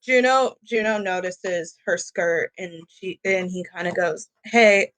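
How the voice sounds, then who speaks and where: A woman playing a tabletop game, gently describing what her character does. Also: fairly low pitch, measured pace, no room sound. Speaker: player.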